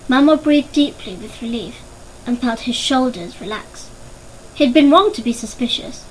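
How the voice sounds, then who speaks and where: A woman reads a story aloud as an audiobook narrator, her voice high and very lively in pitch. She tells it expressively, bringing the scenes to life. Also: moderate pace, slight background noise, low-quality recording.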